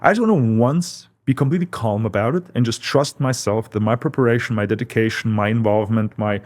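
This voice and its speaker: A man of middle pitch talking through a hard stretch of building his company. He is reflective and unhurried and keeps repeating words for emphasis. He sounds like a guest in a casual interview. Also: a little mellow. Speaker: company founder, podcast guest.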